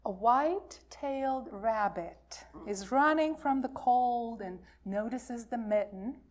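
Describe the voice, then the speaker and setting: A woman minister reading a folktale aloud to a congregation in a slow, expressive storytelling manner. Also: fairly high pitch.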